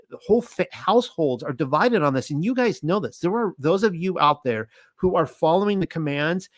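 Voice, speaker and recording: A man with a slightly high voice gives an informal scripture teaching, reading passages aloud and breaking in with his own comments. He talks with excitable passion. The sound is dry and close, with no room echo. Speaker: Bible teacher.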